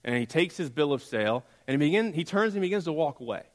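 Guy preaching a sermon, tells it slow with soft quiet drops, big echoey church sound. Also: a little high, animated. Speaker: pastor. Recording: long hall reverb.

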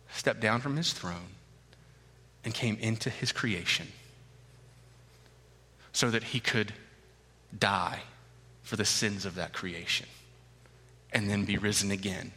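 A man preaching a sermon as pastor, emphatic and repeating key phrases with slow, deliberate stresses. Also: lowish voice, sharp tone, slightly rough, long reverb tail. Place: church sanctuary.

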